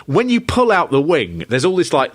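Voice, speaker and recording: Animated man, joking podcast chat. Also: on the high side, normal speed. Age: 40s. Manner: animated, joking, slips into mock voices. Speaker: podcast co-host.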